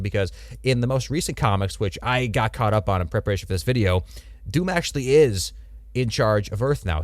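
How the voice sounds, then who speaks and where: A young man talks casually and animatedly in a lowish voice, slangy and playful. He sounds dry and close, with little room around him. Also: darkish tone, no room sound. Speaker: podcast co-host. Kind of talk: casual comic book discussion.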